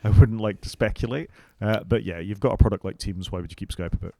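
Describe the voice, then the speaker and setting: A man co-hosting a casual tech podcast, measured and dryly sceptical. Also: fairly low pitch, a little mellow, no echo, clean studio sound. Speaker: podcast co-host.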